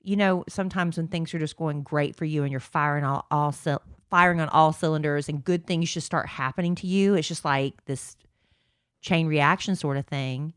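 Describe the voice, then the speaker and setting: A woman with a notably low voice chats with her co-host, mixing light teasing with reflective asides. She is recorded close on a dry studio mic, with no roominess. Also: normal speed, clean tone, no echo. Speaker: podcast co-host. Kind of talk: casual chat.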